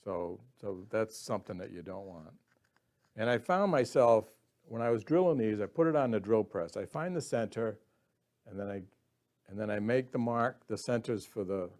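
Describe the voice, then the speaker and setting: A man's voice: on the low side, normal speed, mellow. A man demonstrating woodturning, explaining his steps in a folksy way and restarting words as he thinks aloud. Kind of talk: instructional demo explanation.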